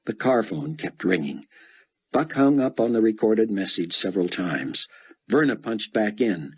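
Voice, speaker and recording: A man narrating an audiobook in an even, steady storytelling manner. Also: deep voice, moderate pace, breathy edge, low-quality recording. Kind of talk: scripted narration.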